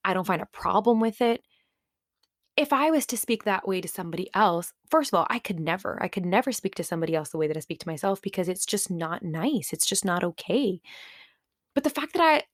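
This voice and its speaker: A woman's voice: fairly low pitch, no echo, clean studio sound. A young adult woman hosting a solo podcast, talking candidly and reflectively in a conversational way with plenty of fillers. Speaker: podcast host.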